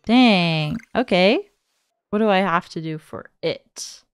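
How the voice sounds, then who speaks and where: A gaming streamer with a lowish, clean voice gives animated but slow-paced commentary, talking to herself and gasping and exclaiming at what happens on screen. She's recorded on a dynamic studio microphone, with faint music in the background.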